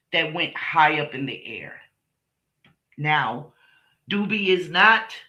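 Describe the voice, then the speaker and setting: A woman with a very bright, piercing edge to her voice talks straight to her viewers. She is middle-aged, blunt and emphatic, and she swears freely as she tells her story. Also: low-pitched. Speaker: streamer host. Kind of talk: casual monologue to viewers.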